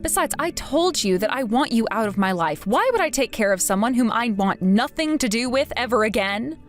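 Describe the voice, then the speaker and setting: A woman's voice: a little high, expressive, fairly quick, soft background music, close to an everyday voice. A woman as a blunt, fed-up grown daughter. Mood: cold. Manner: blunt, cold, firm. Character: fed-up grown daughter cutting off her family. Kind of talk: text-story voice acting.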